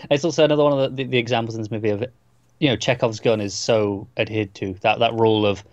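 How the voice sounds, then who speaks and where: A man co-hosting a casual movie discussion, talking in a quick, agreeable, conversational way. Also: lowish voice, steady tone, no echo, dull audio. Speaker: podcast co-host.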